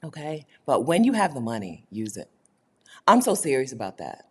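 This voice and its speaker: A woman hosting a casual livestream, reading viewer comments aloud, emphatic and animated, laughing often and swinging between loud high bursts and low murmurs. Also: normal speed, husky. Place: indoors, home setting while living abroad.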